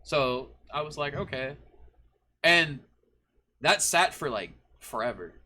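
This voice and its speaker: Bright-voiced man, halting and hesitant. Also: a little high, expressive. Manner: halting, full of restarts and fillers. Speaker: band member, lyricist. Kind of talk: casual chat on a live stream.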